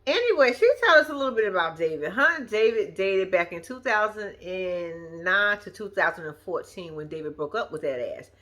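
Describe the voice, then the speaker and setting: A woman's voice: mid-range voice, animated, normal speed, few pauses, fairly bright tone. A woman recapping a reality show episode in casual, profane chat, talking straight to her viewers.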